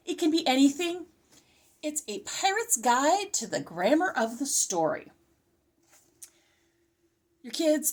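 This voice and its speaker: A middle-aged woman in a casual, chatty homeschool curriculum review, slightly out of breath and often interrupting herself. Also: high-pitched. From California. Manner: chatty, animated, self-interrupting. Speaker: homeschooling vlogger.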